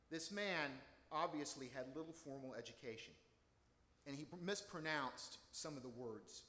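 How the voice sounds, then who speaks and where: A man's voice: a little high, pushed and bright. Man preaching in an echoey hall. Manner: measured storytelling, earnest. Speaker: pastor. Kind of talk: sermon. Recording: echoey hall with long reverb.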